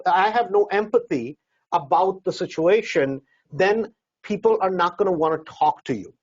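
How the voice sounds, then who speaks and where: A man's voice: high voice, darkish tone, husky, highs cut off. A man coaching real estate investors in a seminar talk, conversational, acting out doorstep dialogue and often asking "right?".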